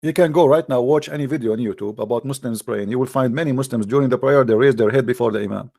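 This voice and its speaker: A man's voice: medium pitch, quick pace, gravelly, darkish tone. A man hosting a heated religious debate in non-native English, combative and mocking, often repeating himself. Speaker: debate show host.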